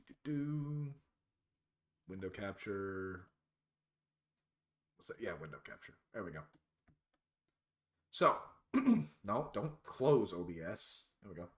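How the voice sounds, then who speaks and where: A man's voice: mid-range voice, fairly bright tone. A man casually telling rambling stories on a live stream, laughing at his own tales.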